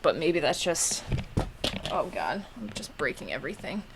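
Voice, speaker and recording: A woman's voice: low-pitched, sing-song, moderate pace, noisy background. A young woman streamer chatting casually while editing photos, giggly and tired, full of "like" with a Valley Girl lilt.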